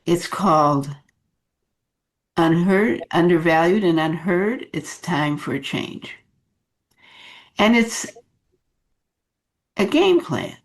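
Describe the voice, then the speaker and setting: A woman leadership coach giving advice in an unhurried talk, with many fillers and restarts. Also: lowish voice, animated.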